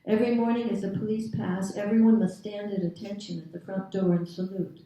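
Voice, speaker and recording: A woman author reading her own prose aloud at a literary event, in a measured, deliberate storytelling manner. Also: mid-range voice, flat delivery, warm tone. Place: reading series venue. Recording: very echoey room, distant mic.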